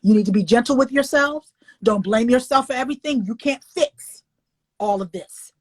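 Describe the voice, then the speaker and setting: Older woman, husky and highish, folksy and emotional interviewee on a video call. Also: moderate pace. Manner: expressive, folksy, emotional, swings up high when animated. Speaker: children's book author and illustrator.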